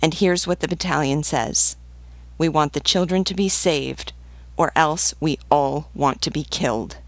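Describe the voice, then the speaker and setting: A woman's voice: low voice, unhurried, dry recording. A woman reading as a devoted army sergeant. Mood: protective. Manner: earnest, pleading, fiercely protective. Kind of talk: audiobook reading.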